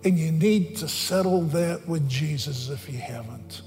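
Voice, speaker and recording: A man preaching a sermon as a pastor, earnest and pressing, climbing higher and louder on the points he stresses. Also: a little slow. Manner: earnest, rising in pitch and force for emphasis. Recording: long hall reverb, faint music.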